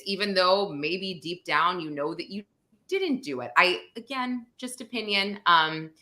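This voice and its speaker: Casting: bright, sharp-toned female host, rambling casual chat on a video call. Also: medium pitch, moderate pace. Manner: chatty, rambling with fillers. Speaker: podcast host.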